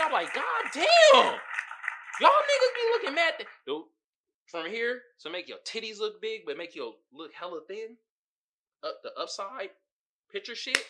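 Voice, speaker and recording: A man hosting a casual solo podcast, reading memes aloud in profane slang and breaking into loud bursts of laughter. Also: high voice. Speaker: podcast host.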